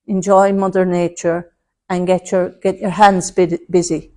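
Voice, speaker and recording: With a voice on the low side, a flat delivery and a slightly slow pace, a woman gives a mediumship demonstration to an audience at a spiritualist centre hall. She chats warmly, calling people love and darling, and passes on messages as quotes.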